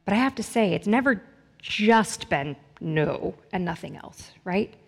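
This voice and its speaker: A woman's voice: mid-range voice, animated, a little slow, creaky, breathy edge. A woman preaching a sermon in an earnest way, building intensity through repeated phrases. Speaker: pastor. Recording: long hall reverb.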